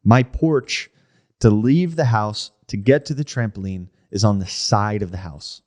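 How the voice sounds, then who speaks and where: A young man with a fairly low voice tells a personal ghost story in an easy, chatty way. He keeps checking in with his listener and slips into other people's voices when he quotes them. He comes across as a casual podcast host. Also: a little slow. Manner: animated storyteller, acts out quoted voices, frequent "like" and "right?".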